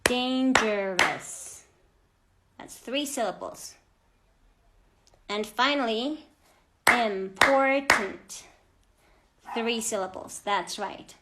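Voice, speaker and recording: A woman teaching an English grammar lesson to children, speaking clearly and deliberately and stressing each example word. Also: on the high side, heavy background noise.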